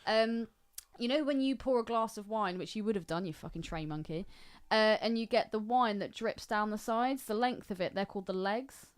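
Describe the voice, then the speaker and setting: A woman's voice: medium pitch, moderate pace, clear, resonant tone. A woman co-hosting a podcast, chatting in a brash, crude way with frequent swearing and giggles. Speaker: podcast co-host. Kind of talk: casual crude chat.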